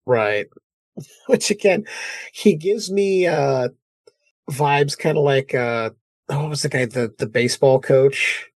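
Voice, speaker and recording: A woman's voice: a bass voice, slow, long pauses, no echo. A woman guest on a podcast, chatting casually with wry, amused reactions. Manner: wry reactions, laughs easily. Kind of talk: casual chat.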